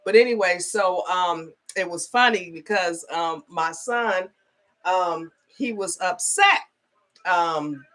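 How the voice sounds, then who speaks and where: A middle-aged woman talks in a casual vlog with a bright, forceful tone. She rambles through her story and keeps checking in with the listener with "okay?" and "you know". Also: on the low side, slow pace. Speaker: spiritual advisor.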